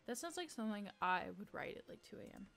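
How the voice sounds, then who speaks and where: A woman's voice: mid-range voice, sing-song, fast talker, fairly bright tone. A young woman playing through a game on video, reading lines aloud and making playful, self-mocking asides. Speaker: gaming YouTuber. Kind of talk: let's play reading and commentary.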